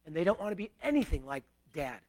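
A middle-aged male pastor preaching a sermon in a conversational way, with personal asides and swings between loud and quiet. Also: fairly high pitch, very animated, fast talker.

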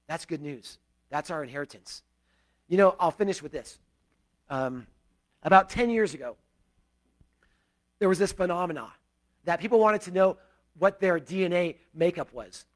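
High-voiced man preaching a sermon. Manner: conversational preaching with asides and swings in loudness. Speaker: pastor.

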